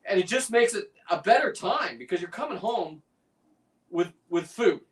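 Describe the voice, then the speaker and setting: A man's voice: high-pitched, expressive, normal speed, distant mic. A man in casual chat, rambling and talking through a demonstration as he works. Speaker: guest on a fishing livestream, lobster preparer. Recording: away from the mic.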